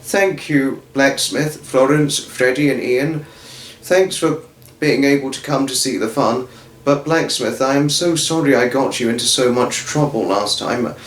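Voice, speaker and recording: A man voicing a gentle, polite male pet cat who loves trains, speaking apologetically, in a roomy recording. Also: mid-range voice, measured pace, lightly acted. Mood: apologetic. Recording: roomy echo.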